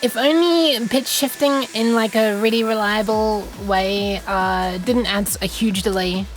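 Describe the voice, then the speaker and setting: A woman's voice: mid-range voice, unhurried, soft background music. A young woman streaming a game, chatting casually in a rambling, giggly way with lots of restarts. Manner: rambling, giggly, self-interrupting. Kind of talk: casual live-stream chat while gaming.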